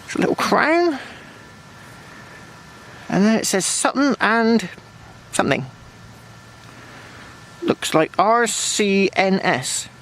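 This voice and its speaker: Out in rural fields, a metal detecting vlogger with a West Country accent and a slightly high, fairly bright voice gives cheerful, rambling commentary to camera, chatting to himself as he works. He speaks slowly in a sing-song way with long pauses. The low-quality outdoor recording has clear hiss, plus rain and wind in the background.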